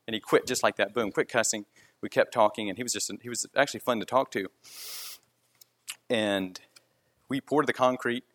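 A man with a mid-range, fairly bright voice who leads a concrete crew tells a story. His speech is casual and earnest, rambling along with frequent restarts.

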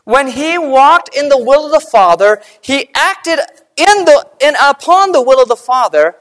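Earnest woman preaching with lively pitch. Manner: earnest, measured, slowing and dropping quiet for emphasis. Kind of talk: sermon.

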